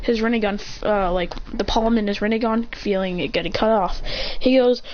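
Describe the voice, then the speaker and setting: A speaker excitedly retelling a fan-made story, rambling and breaking into shouted sound effects and voiced lines. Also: medium pitch, a little fast. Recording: dull lo-fi mic with faint hiss.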